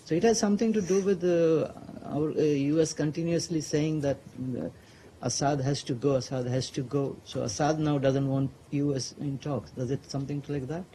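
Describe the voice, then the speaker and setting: A man's voice: a little high, fairly even intonation, moderate pace, dark tone, a little hiss or hum, rough recording. A man asking a spokesperson long, hesitant questions at a press briefing. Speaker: reporter.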